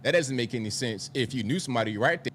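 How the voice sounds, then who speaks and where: A man's voice: mid-range voice, animated, quick pace, fairly bright tone, slight background noise. A man on a news panel laying out his argument in firm, step-by-step reasoning. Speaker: panel commentator.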